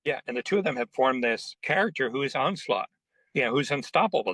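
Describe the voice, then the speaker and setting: A man telling lively anecdotes in a casual interview, acting out the people in his stories. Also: medium pitch, no room sound, poor audio. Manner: animated anecdotes with quoted voices, quick asides. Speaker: interview guest, comics writer. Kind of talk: casual storytelling.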